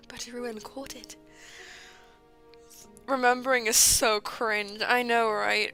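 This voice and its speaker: A woman streamer reading her friends' old fan fiction aloud, often breaking off to laugh, apologize and comment. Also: on the high side. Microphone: streaming mic. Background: music playing.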